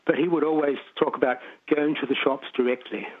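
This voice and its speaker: An Australian man calls in to a radio show over a tinny, narrow phone line. His voice sits a touch high for a man, and he talks in a chatty, rambling way, full of restarts. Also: steady tone, brisk. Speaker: caller. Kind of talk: radio call-in chat.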